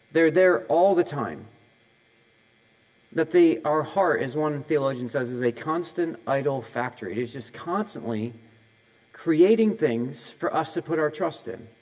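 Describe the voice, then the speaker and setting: A middle-aged pastor preaches a sermon in a medium-pitched, somewhat dark voice, captured on a low-quality recording. His delivery is conversational; he fires off question after question at the congregation and makes jokes about his own slip-ups.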